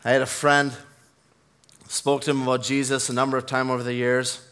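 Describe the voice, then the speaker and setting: A man's voice: mid-range voice, flat delivery, fairly quick, a bit bright, clean tone. A man preaching a sermon, earnest and building to fervent emphasis, mixing in personal stories. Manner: tells personal stories with self-deprecating laughs.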